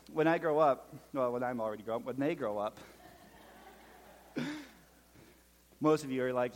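A man's voice: medium pitch, brisk, big-room sound. A man in his thirties with a Minnesotan accent, preaching a sermon and telling stories with jokes, often checking in with "okay?". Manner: storytelling with jokes, frequent "okay?" check-ins. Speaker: pastor.

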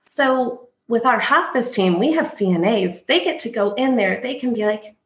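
A woman's voice: a little high, lively intonation, normal speed, fairly bright tone. A woman hospice nurse explaining a condition in a podcast conversation, earnest and full of everyday stories, sometimes voicing what patients think. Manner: earnest, anecdotal, acts out patients' thoughts. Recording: echoey room, slightly dull sound.

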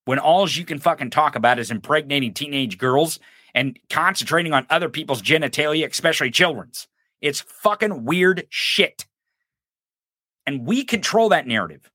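A man hosting a podcast, giving profane, mocking political commentary in an animated way. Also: on the high side, dry recording, studio quality. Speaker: podcast host.

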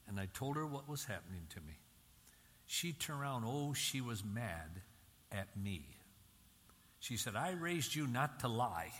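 An older man speaks to an audience in an emphatic sermon style, leaning on repeated phrases. His voice sits low, and a long hall reverb trails each line over a faint background hum. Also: a bit bright. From Michigan, US. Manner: emphatic, repeating key phrases with rising intensity. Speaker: Christian speaker.

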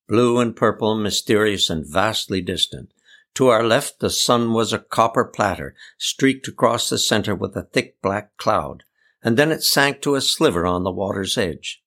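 Low-voiced male storyteller. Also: animated, normal speed, a bit bright. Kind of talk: scripted first-person narration.

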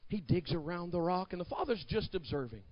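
A man pastor preaching a sermon, rising to shouted climaxes and dropping to hushed storytelling. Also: sits high, lively intonation, fairly quick, dry recording, highs cut off.

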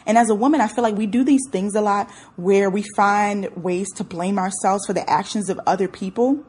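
A woman's voice: medium pitch, a little fast, darkish tone, breathy edge. A young woman talking casually to her listeners, candid and brash, swearing freely and reacting with emotion. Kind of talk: casual solo talk to listeners.

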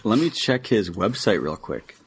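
A man's voice: on the low side, expressive, normal speed, husky. A young adult man co-hosting a podcast, chatting with opinionated, eager enthusiasm. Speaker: podcast co-host. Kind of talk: casual podcast chat.

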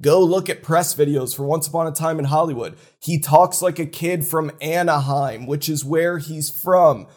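A man with a slightly high, husky voice talks fast and animated. He is opinionated and worked up in a playful way. It is a casual chat with a co-host.

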